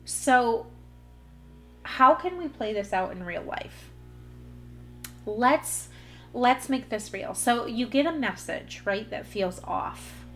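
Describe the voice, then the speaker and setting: A woman's voice: a little high, animated, slow pace, pauses often, soft background music. A woman hosting a solo podcast, talking earnestly in a coaching way straight to her listeners. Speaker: podcast host. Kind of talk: solo motivational podcast talk.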